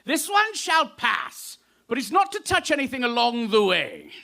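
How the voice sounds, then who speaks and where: A man's voice: very high-pitched, huge pitch swings, unhurried, creaky, sharp tone, voice pushed up, heavily acted. A man putting on a lofty British deer. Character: haughty male deer with a British accent. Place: festival stage.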